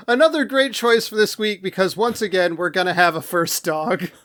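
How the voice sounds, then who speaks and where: A man's voice: high-pitched, moderate pace, a bit bright. A man co-hosting a podcast in casual, slangy, joking chat. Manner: laid-back, slangy, joking. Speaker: podcast co-host.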